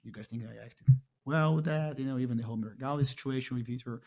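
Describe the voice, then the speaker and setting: A man's voice: mid-range voice, fast, gravelly, a little mellow. A man whose first language is Portuguese, a jiu-jitsu champion telling stories in a casual interview and acting out his own past lines.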